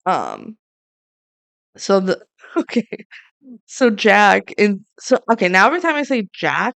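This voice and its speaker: A woman co-hosting a podcast, recapping a movie in a chatty, lively way with quick asides. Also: mid-range voice, vocal fry, no room sound. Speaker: podcast co-host. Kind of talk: casual chat recapping a movie.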